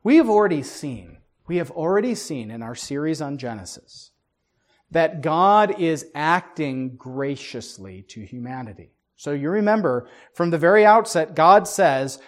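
A man's voice: a little high, big pitch swings, a little slow. A man preaching a sermon, emphatic, with many rhetorical questions and stammering restarts. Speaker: pastor.

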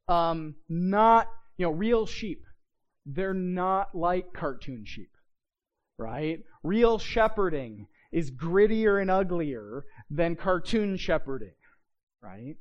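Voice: medium pitch, animated, slow, muffled recording. A Bible teacher giving a conversational lesson, often checking in with listeners and reading scripture aloud with stress on key words. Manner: checks in with listeners, asking "right?"; frequent restarts and filler words.

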